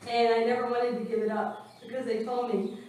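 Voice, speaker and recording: A woman's voice: on the high side, level tone, brisk, a little mellow, slight background noise. A woman giving a scripture class in a temple room, telling stories and acting out what people said. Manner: storytelling with acted quotes. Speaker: class speaker. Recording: echoey room from far off.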